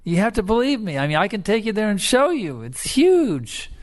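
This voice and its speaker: A man voicing a small, curious young male frog in a told fable, speaking excitedly and pleadingly in a raised voice. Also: on the high side, normal speed, creaky.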